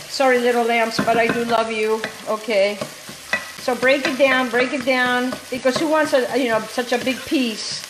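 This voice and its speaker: A woman from Calabria hosting a cooking vlog in her home kitchen, talking in an animated, digressive way and often addressing the viewers as guys. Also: high voice. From Calabria, Italy. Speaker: cooking show host. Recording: echoey kitchen, faint cooking noise. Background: sizzling pan, stirring.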